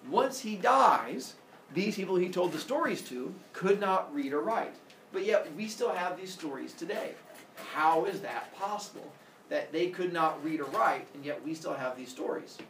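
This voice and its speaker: A man teaching a class, telling a fable in an animated, playful way. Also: sits high, moderate pace, a little hiss or hum. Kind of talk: classroom storytelling. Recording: echoey classroom, distant mic.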